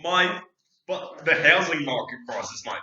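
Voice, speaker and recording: A man's voice: on the high side, lively intonation, normal speed, sharp tone, echoey room, muffled recording. A man co-hosting a comedic podcast, argumentative and rambling. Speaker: podcast co-host.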